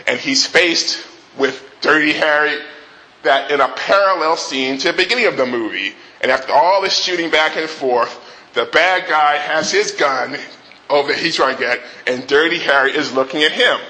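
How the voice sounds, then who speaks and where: A man retelling a movie scene in an animated way before making his point. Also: fairly high pitch, rough recording. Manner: animated retelling with restarts and acted quotes. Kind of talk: storytelling lead-in to a talk.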